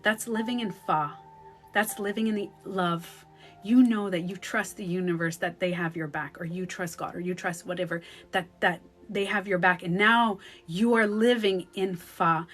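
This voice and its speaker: A woman talking casually as a spiritual coach on a phone livestream, animated and acting out the voices she quotes. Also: fairly low pitch, normal speed, soft background music.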